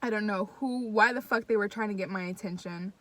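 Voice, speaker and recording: A young woman telling a story to her viewers in casual, excitable, profane chat, talking straight to the audience. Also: medium pitch, brisk. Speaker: vlogger.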